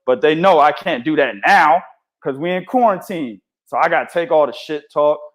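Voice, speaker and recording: On a casual boxing podcast, this co-host swears a lot, uses heavy slang, and tells stories animatedly. His voice sits on the high side, at a moderate pace.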